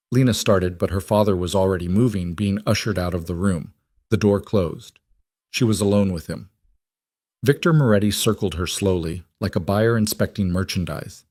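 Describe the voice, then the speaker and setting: A man narrating a scripted story in a steady, measured way. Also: low voice, no echo, studio quality.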